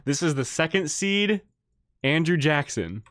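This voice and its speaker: A man hosting a livestream, reading an AI-written story aloud and reacting excitedly, often repeating himself. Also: a little high, a little slow, no room sound. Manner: excitable, laughing and tripping over words. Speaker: livestream host.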